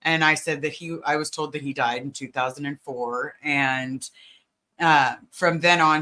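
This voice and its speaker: Bright-voiced woman chatting on a livestream. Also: deep voice, fairly even intonation, a little slow. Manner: greets viewers by name, chatty, many fillers. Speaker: livestream host. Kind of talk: casual livestream chat.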